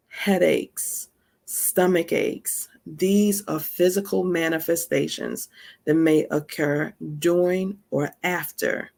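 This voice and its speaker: Woman, gravelly and husky, chatty teacher who keeps checking in with listeners. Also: sits low, a little mellow. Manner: conversational, addresses listeners directly with frequent asides; emphatic, laughs between points. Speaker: spiritual teacher. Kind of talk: casual teaching talk.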